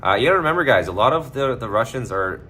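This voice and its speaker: A man's voice: mid-range voice, expressive, quick pace, bright, forceful tone, a little hiss or hum. A man chatting casually to his livestream viewers, rambling and swearing freely, with lots of filler words. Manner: rambling, loose and profane, full of filler words.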